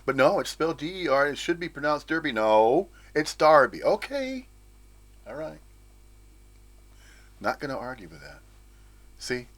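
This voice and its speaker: A man's voice: medium pitch, lively intonation, normal speed, long pauses, a bit bright. A man from the United States giving an informal, rambling spiritual talk, with frequent chuckles and playful asides. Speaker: spiritual teacher.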